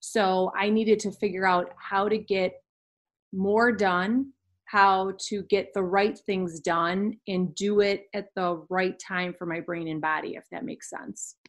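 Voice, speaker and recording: A woman's voice: medium pitch, steady tone, slow pace. A young woman in her twenties, a podcast guest candidly telling a personal story in an earnest way. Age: 20s.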